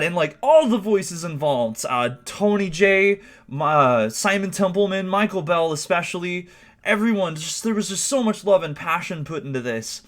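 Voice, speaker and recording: A man in his twenties streaming live, talking casually in an excitable, emotional way with lots of fillers. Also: sits high, normal speed. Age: 20s.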